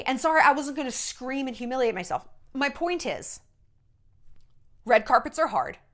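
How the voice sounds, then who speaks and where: A woman's voice: high-pitched, fairly bright tone. A woman in her thirties, a former entertainment journalist, telling stories in a casual, sarcastic and profane rant. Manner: sarcastic, profane, mimics people in exaggerated voices.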